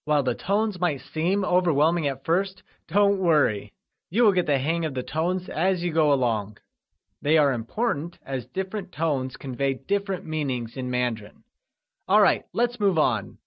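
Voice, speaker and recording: A man narrating a scripted language lesson, upbeat and encouraging, drawing out modeled syllables slowly. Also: on the high side, lively intonation, highs cut off. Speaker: language teacher.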